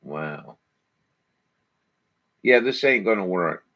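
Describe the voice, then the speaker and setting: A man's voice: mid-range voice, animated, unhurried, fairly bright tone, highs cut off. A man hosting a morning show, reacting to videos in casual chat with a crude, swearing, folksy way of talking. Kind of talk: casual commentary over videos.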